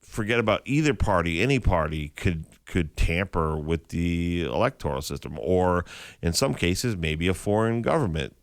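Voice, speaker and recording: A man co-hosting a morning radio show, telling stories in casual banter and putting on calm pilot voices. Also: deep voice, normal speed, dry recording. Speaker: radio co-host. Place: radio studio. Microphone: studio mic.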